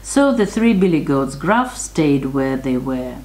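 An older woman reads a fairy tale aloud, taking her time over every line. Her voice sits low and unhurried, in a gentle storybook manner. A roomy echo surrounds her. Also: sing-song. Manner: slow, gentle storybook reading. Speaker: storyteller grandmother.

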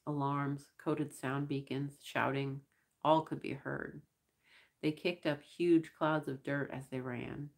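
A woman reading a science-fiction novel aloud in first-person narration, measured and wry. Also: very deep voice, steady tone, creaky. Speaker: audiobook reader.

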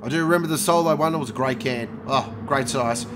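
A man commentating a sim race, joking and bursting out loud at each incident. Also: medium pitch, quick pace. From Australia. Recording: noisy with engine sound behind.

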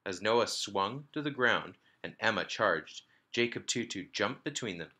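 Man reading a storybook aloud, bright voice. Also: lowish voice, measured pace, few pauses. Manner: lively storytelling, small slips and restarts. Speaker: teacher reading to his class. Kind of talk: reading a children's book aloud.

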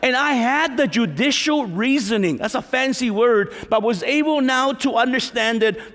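A middle-aged man, preaching a lively sermon testimony as a pastor and acting out the voices in his story. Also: very high voice, moderate pace, hardly any pauses. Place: large church hall. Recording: reverberant church hall.

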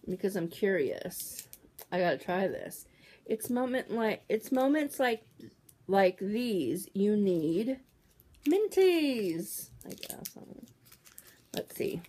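A woman in her forties, opening a package on a casual vlog, talking excitedly with lots of fillers. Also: mid-range voice, takes it slowly, long pauses, a little hiss or hum. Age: 40s. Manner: gushing, excitable, trails off with fillers. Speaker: YouTuber opening a mail package.

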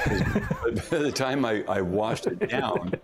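A man's voice: mid-range voice, wildly swooping pitch, slow pace, over music. A man, a company founder, telling a rambling story in a casual interview, correcting himself often and laughing.

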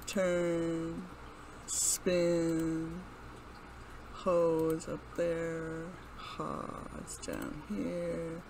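A woman hosts her gaming channel with casual let's-play commentary, reading commands aloud, laughing and exclaiming as she plays. Her voice is low, steady and darkish, and she speaks extremely slowly. The recording is rough, with slight background noise.

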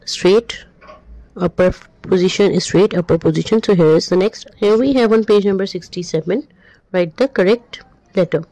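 A woman walks through a children's maths workbook, giving answers in a plain, step-by-step way. Her voice sits a little low and sounds mellow and warm. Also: no echo, poor audio. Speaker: maths tutor. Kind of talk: workbook walkthrough lesson.

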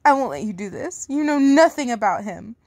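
A woman's voice: a little high, expressive, brisk, a little mellow, no echo. A woman voicing a frightened young woman held captive in a fan fiction read aloud, pleading and panicked. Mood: frightened defiant.

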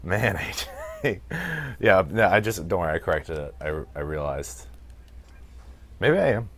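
A deep-voiced American man talks through a wrestling game on his stream in an easygoing, chatty way. He laughs a lot and swears freely as he answers the chat. The recording sounds like a desk mic at a gaming setup. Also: expressive, measured pace, a bit bright, slight background noise. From United States. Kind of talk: casual let's-play commentary while reading chat.

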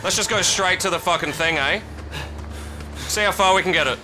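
A man streaming a horror game live, swearing a lot and yelling in panic between muttered asides. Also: high voice, fairly quick, music in the background. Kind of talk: live horror gameplay commentary. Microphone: streaming mic.

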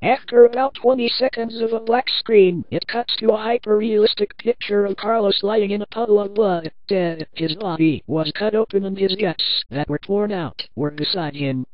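A woman's voice: mid-range voice, moderate pace, hardly any pauses, dry recording, lo-fi sound. A woman narrating a first-person horror story in a plain, earnest storytelling manner.

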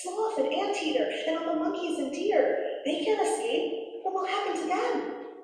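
A woman voicing a small, brave female parrot who speaks high and urgently in a storybook tale. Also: moderate pace, darkish tone. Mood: worried. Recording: echoey church hall from far off.

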